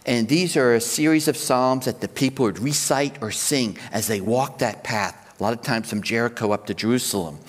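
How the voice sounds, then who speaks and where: A man's voice: mid-range voice, normal speed, few pauses, big-room sound. A man preaching a sermon as pastor, explaining his points step by step and counting ideas out in threes.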